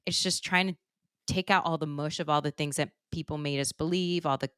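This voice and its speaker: A woman hosting a podcast, chatting casually and warmly encouraging her guest, emotional and quick to laugh. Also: low voice, steady tone, smooth, dry recording, studio quality. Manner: emotional, gushing, laughs through tears. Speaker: podcast host.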